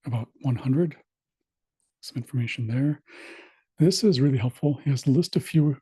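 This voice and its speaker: Man instructor, online lesson, dry close sound, husky tone, steady delivery with filler pauses. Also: mid-range voice, no echo. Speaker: language instructor. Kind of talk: online class screen-share walkthrough.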